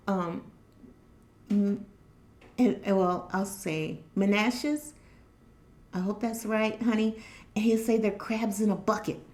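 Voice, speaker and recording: A woman's voice: on the high side, a little mellow. Woman, spiritual reader, earnest motivational talk, repeats herself for emphasis. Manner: earnest, repetitive, preachy.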